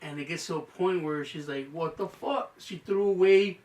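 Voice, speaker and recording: A man's voice: fairly high pitch, normal speed, darkish tone, distant mic. A man hosting a casual podcast, telling a story full of swearing and acting out what people said. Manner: profane storyteller, acts out quotes. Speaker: podcast host. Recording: roomy, off-mic with faint hum.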